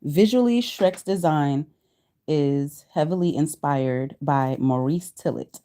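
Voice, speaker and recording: In her thirties, this livestream host keeps things casual, reading search results aloud to her viewers. Her voice is low-pitched and dark; she laughs often and slowly sounds out difficult words.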